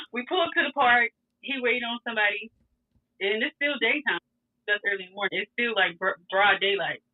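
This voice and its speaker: Animated storytelling woman, tinny sound. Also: on the high side, normal speed, long pauses. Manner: animated, profane, laughs often. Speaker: guest telling a story. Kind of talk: casual storytelling.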